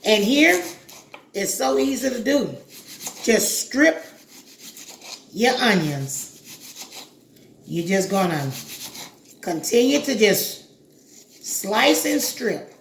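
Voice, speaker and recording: A woman's voice: medium pitch, expressive, slow, long pauses. Woman, cooking demo host, instructive chat, faint background hum, echoey room. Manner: chatty and instructive, talks straight to the viewer. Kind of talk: casual cooking demonstration.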